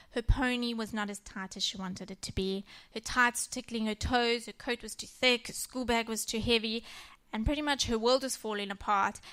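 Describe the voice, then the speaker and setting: A woman in her thirties giving a church talk on parenting, telling personal stories gently. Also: a little high. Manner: warm personal storytelling, gentle. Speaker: church speaker.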